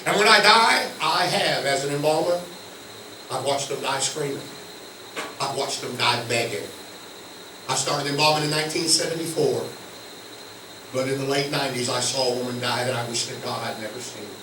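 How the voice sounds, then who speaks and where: An older man with a Southern American accent preaching a sermon, telling folksy stories that swing from hushed low tones to loud shouts. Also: moderate pace, pauses often, background noise. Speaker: guest preacher. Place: church sanctuary. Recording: echoey church from far off.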